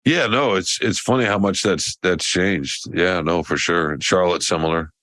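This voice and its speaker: A deep-voiced man talks casually on a podcast, telling a meandering story. He often restarts his sentences and wanders off track. The sound is close and dry, with no room echo. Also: moderate pace, a bit bright. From American South. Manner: rambling storyteller with many restarts. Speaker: podcast co-host. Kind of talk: casual chat.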